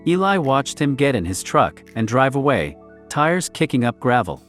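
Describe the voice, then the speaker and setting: A man reading a story aloud in a quiet, clipped, understated way. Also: medium pitch, very animated, normal speed, faint music behind. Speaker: narrator. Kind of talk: scripted story narration.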